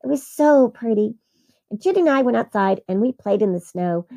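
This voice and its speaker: Woman storyteller, christmas tale, earnest, lively swinging pitch, slightly gravelly. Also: brisk. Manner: earnest, animated, with small laughs. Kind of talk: first-person Christmas story narration.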